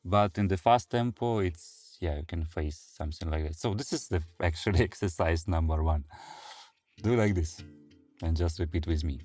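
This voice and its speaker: A man with a Russian accent teaching handpan in a relaxed way, pausing often with fillers and chanting drum syllables. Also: low voice, faint music behind. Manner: non-native English, hesitant fillers, vocalizes rhythms. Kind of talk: casual music lesson.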